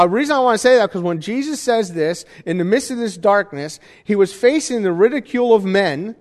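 Male pastor, slightly high voice, conversational sermon, asks the room questions, long hall reverb.

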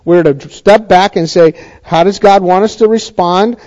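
High-voiced man preaching a casual sermon. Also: a little mellow. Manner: conversational, halting, with dry sarcasm. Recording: dull lo-fi recording.

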